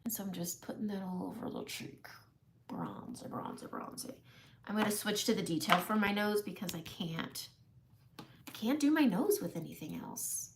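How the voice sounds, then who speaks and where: A woman's voice: mid-range voice, moderate pace, noisy background. A middle-aged woman chatting casually through a makeup tutorial, self-deprecating and laughing often. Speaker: makeup live-stream host.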